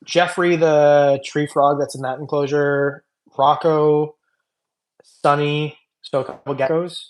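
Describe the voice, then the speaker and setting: His voice is a little high and fairly even in intonation, and he takes his time. The reptile channel host, tired after hours of streaming, reads chat comments aloud and jokes around loosely, rambling with plenty of fillers.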